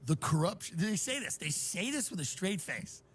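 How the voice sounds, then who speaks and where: A man's voice: high voice, sing-song, moderate pace, a bit bright, slightly rough. A man delivering an exasperated, sarcastic comedic rant, acting out others' voices in mocking asides.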